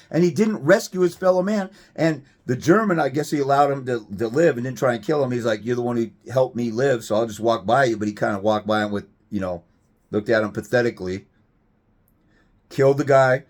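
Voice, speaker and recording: A man's voice: medium pitch, a little mellow. A man giving a blunt, profane, combative rant to camera as a fathers' rights advocate, firing off rhetorical questions.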